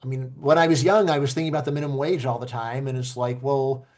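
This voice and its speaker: A man's voice: mid-range voice, steady tone, fast talker, a little mellow. A man hosting a conversational discussion as an economics professor, making emphatic points with frequent "like" and "you know".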